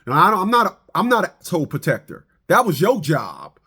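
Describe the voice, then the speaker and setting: A middle-aged man lectures his listeners in an animated, preachy monologue. His voice sits fairly high for a man. He stumbles and restarts often, piling up repeated words. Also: fairly quick, husky. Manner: preachy, repetitive, stammering restarts. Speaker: commentator on fathers and child support.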